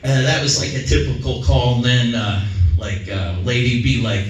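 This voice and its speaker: A man's voice: medium pitch, steady tone, normal speed, soft background music. A man doing a stand-up set, rambling and self-deprecating with many fillers, on a comedy club stage. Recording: echoey club from far off.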